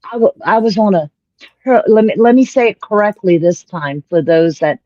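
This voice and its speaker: A woman's voice: medium pitch, animated, moderate pace, warm tone, no room sound. Southern woman guest on a muffled line. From Florida. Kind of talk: casual interview chat.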